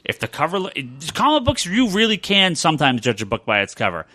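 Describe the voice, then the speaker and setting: A man hosting a casual podcast chat, animated and rambling, swearing now and then. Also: on the high side, fast talker, dry recording, studio quality. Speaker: podcast host and comic shop owner.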